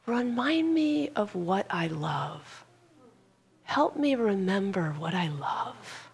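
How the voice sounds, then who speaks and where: A frail elderly mother speaking in a hushed, gentle voice, as a woman preacher acts her out. Her lines are quiet and slow, with a faint gravelly texture. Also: mid-range voice, big pitch swings, exaggerated voice. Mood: tender.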